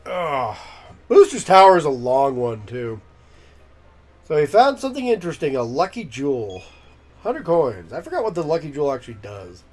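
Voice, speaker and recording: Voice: medium pitch, very animated, normal speed, darkish tone, soft background music. A game streamer giving casual let's-play commentary, chatty and laughing at their own voices.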